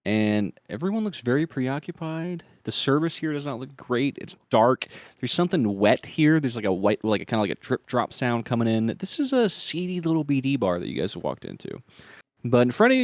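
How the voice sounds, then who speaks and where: A man's voice: medium pitch, big pitch swings, brisk, no room sound. A man narrating a tabletop game as game master, casual and rambling.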